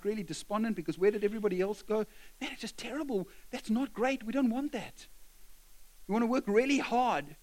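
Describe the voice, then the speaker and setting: A pastor delivering a sermon in a high, bright-pitched man's voice. He preaches with animation, slipping into quoted back-and-forth dialogue to make his point. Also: rough recording.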